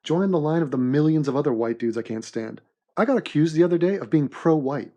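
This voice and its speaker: A man's voice: a little high, brisk. Man in a sarcastic comedy voiceover. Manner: mock-serious, deadpan sarcasm. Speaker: host and narrator of an animated commentary.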